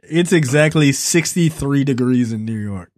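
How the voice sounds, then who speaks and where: A man's voice: medium pitch, lively intonation, normal speed, darkish tone, no room sound, clean studio sound. A man co-hosting a casual film podcast, teasing his friends, laughing and swearing freely. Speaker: podcast film review co-host. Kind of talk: casual joking banter.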